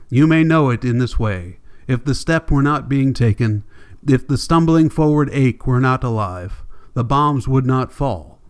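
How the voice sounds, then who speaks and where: A man reading a classic novel aloud as an audiobook narrator, measured and deliberate, with long pauses. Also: mid-range voice, clean tone. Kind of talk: scripted narration.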